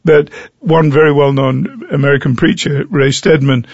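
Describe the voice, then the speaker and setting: Older English man, gravelly husky voice. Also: mid-range voice, moderate pace, dry recording, muffled recording. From England. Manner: animated anecdotal storyteller. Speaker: pastor. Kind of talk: interview storytelling.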